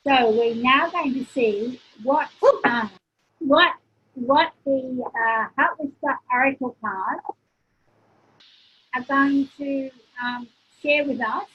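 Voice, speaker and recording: A woman hosting a spiritual card reading, giving slow, soothing guidance. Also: sits high, husky. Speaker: host reading oracle cards. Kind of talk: guided spiritual talk. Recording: dull, muffled audio.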